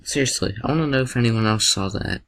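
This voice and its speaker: A young man doing excitable, jokey gameplay commentary with a gravelly voice, yelping at scares. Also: fairly low pitch, quick pace, poor audio.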